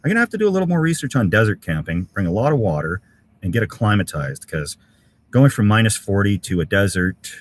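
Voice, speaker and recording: A man's voice: fairly low pitch, big pitch swings, quick pace. A middle-aged man hosting a casual live stream from a winter campsite, reading out viewer comments and thanking people with lots of uhs and ums. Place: outdoor winter camp in severe cold.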